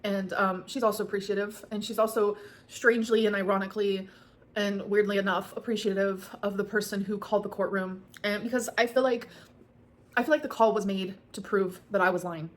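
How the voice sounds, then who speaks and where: A woman in her thirties talks fast through a casual Q&A vlog and leans on fillers as she rambles. Her voice sits at a middle pitch and stays earnest, with an emotional undertone. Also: fairly even intonation. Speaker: vlogger answering viewer questions.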